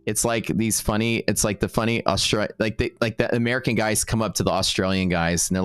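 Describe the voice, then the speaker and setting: Casual low-voiced male trading streamer. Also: fairly even intonation, no room sound, clean studio sound. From Texas. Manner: casual and upbeat, full of fillers and quick asides to chat. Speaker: day trading streamer and teacher. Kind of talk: live-stream walkthrough, chatting with viewers.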